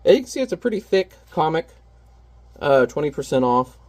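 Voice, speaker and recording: A man's voice: fairly high pitch, big pitch swings, fairly quick, darkish tone. A man who is a parent, chatting casually and candidly while painting on camera, rambling and self-deprecating. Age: adult parent.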